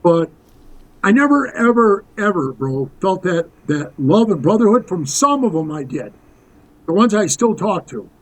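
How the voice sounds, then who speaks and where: Older guy, 60s, pretty high voice, rambling tough-guy stories, keeps saying bro. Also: big pitch swings, measured pace, low-quality recording. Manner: rambling, tough-talking, calls the host "bro". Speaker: guest. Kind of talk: casual storytelling interview.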